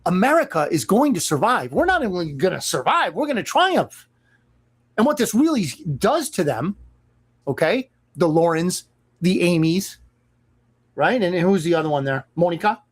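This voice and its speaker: Sarcastic, animated radio talk host. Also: mid-range voice, normal speed, husky. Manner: sarcastic, emphatic, mocking asides. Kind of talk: opinionated radio monologue.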